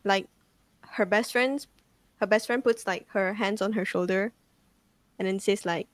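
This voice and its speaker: A woman's voice: mid-range voice, fairly even intonation, a little slow, long pauses. A young woman tells a ghost story casually, rambling with lots of "like" and swearing. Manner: rambling, full of "like" fillers and swearing.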